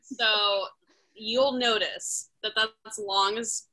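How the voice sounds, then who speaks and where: A woman co-hosting a podcast, chatting casually with giggly, animated banter. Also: mid-range voice, drawn-out words, faint music behind, low-quality recording. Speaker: podcast co-host. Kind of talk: casual chat.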